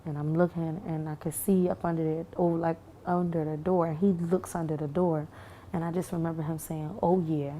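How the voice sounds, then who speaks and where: A young woman tells her story in a low, gravelly voice with a dark tone. She talks haltingly, full of fillers and restarts, in a testimony given to camera. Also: a little hiss or hum. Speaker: shooting survivor.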